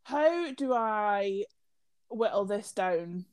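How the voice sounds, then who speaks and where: A woman's voice: mid-range voice, animated, very slow, a little mellow, clear, resonant tone, dry recording. A young woman, chatting casually as a podcast host, sweary and gushing, with long run-on rants. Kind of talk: casual chat.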